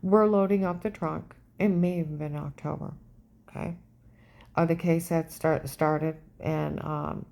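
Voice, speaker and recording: A middle-aged woman with a lowish voice talks straight to camera in an intense, rambling monologue. She piles one claim on the next and keeps checking in with the listener by asking "okay?". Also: vocal fry, mellow. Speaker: vlogger.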